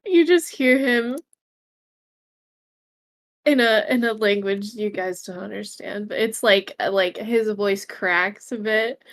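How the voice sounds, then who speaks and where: Woman player in an online tabletop game; halting, filler-heavy narration, slow. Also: medium pitch. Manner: halting, with many fillers and laughs.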